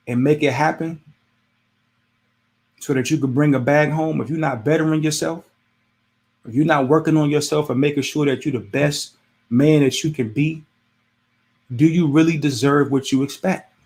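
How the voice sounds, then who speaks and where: Gravelly man giving casual advice. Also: fairly high pitch, fairly even intonation, normal speed, long pauses, a little mellow. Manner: conversational, repetitive, preachy with rhetorical questions. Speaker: podcast host. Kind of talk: casual motivational monologue.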